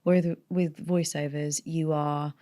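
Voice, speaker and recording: Woman, low pitch, from North London, neutral British accent with a hint of North London, interview guest, thoughtful. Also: flat delivery, measured pace, warm tone. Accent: neutral British with a North London tinge. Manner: thoughtful, explains at length with restarts. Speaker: voiceover artist guest. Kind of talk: casual interview chat.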